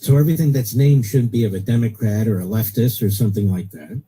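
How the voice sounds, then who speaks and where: A man's voice: on the low side, fast, mellow, slightly rough, rough recording. A middle-aged man hosting a political talk radio show, blunt and opinionated, repeating his points for emphasis.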